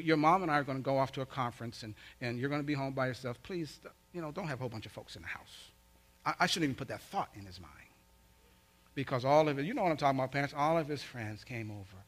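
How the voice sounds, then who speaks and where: A middle-aged man preaching, telling a family story and acting out the voices with big swings in loudness. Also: medium pitch. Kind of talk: sermon storytelling.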